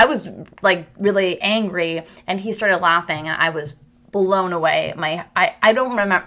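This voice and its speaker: A young adult woman hosting a podcast, talking in a chatty, rambling, self-deprecating way with restarts and quick laughs. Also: fairly low pitch, bright, forceful tone. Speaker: podcast host. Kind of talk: casual chat monologue.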